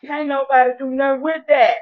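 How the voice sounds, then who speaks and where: A woman preaching in a rousing call-and-response style, shouting exclamations to her listeners. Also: high-pitched, little pitch movement, brisk. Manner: exclamatory, shouts "What?" and "Woo". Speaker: spiritual motivational speaker. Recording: lo-fi with faint music.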